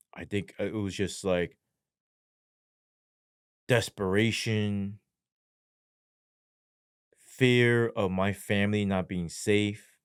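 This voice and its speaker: A man, a former police sergeant, telling his story as an interview guest in a blunt, slangy way, heavy on profanity, his voice going low and halting when he speaks of despair. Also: smooth, no echo, clean studio sound.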